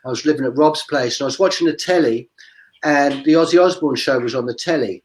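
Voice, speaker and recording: A man's voice: medium pitch, fairly quick, poor audio. A man on a video call, a street performer talking through his career in a chatty, digressive way. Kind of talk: casual video-call interview.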